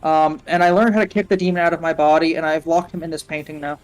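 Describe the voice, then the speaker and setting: Stream guest, deadpan and offhand, mid-pitched, loose casual recap delivery. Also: quick pace, rough recording.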